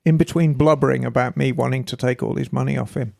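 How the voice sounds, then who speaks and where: A man's voice: medium pitch, fairly even intonation, quick pace, gravelly, darkish tone, dry recording. A man co-hosting a casual podcast chat, talking in a rambling, self-deprecating way. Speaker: podcast co-host.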